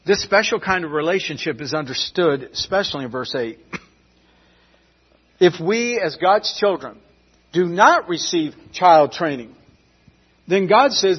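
A man's voice: high-pitched, animated, unhurried, breathy edge, highs cut off. A middle-aged American man preaching a sermon, telling folksy stories and talking straight to the congregation. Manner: folksy storytelling, addresses the congregation directly.

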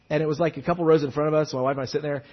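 A pastor delivers a sermon in a high, husky man's voice. He tells stories with lots of restarts and swings between loud and hushed passages. The sound is a little dull and lo-fi. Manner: animated storytelling with many restarts, shifting between loud and hushed.

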